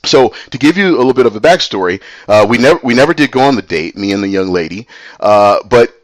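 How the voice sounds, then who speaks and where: A middle-aged man casually telling a personal story, animated and slipping into other people's voices. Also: medium pitch, fast talker, no echo.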